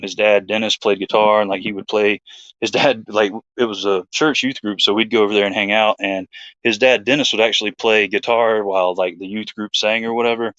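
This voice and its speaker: A man's voice: fairly low pitch, a bit bright, no echo, highs cut off. A man, hosting his own show, telling a story in a rambling, laid-back chat full of fillers. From Georgia, USA. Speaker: host.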